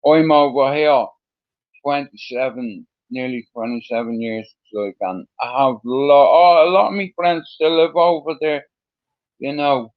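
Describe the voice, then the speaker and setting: A man's voice: medium pitch, a little slow. Rambling Dublin man, dull lo-fi sound. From Ireland. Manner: rambling, with many fillers and swearing. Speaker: guest. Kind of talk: casual storytelling interview.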